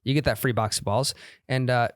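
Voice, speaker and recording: Joking podcast co-host, dry close sound. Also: male voice, mid-range voice, steady tone, a little fast, clear, resonant tone, no room sound. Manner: loose, joking, drops into sponsor-read patter. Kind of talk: casual chat with ad reads.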